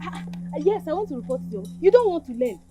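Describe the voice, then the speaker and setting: Fast, high-voiced Nigerian tutor, blunt and exasperated. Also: female voice, sing-song, warm tone, soft background music. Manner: complaining, blunt. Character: fed-up young village tutor, blunt. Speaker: Igbo tutor and friend.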